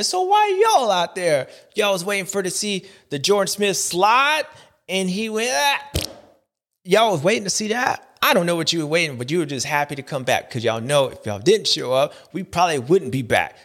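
A male host riffing through casual commentary, slangy and joking. His voice sits a bit high and swings widely in pitch. He keeps breaking into quick impressions of other people. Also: a bit bright.

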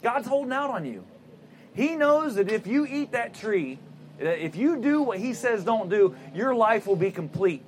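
A sly male serpent coaxes in a hushed, wheedling voice, as a preacher puts him on. The voice sits high for a man. It is told as part of a sermon story. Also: sing-song, normal speed, slight background noise. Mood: coaxing. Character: sly tempting serpent, male, smooth-talking.

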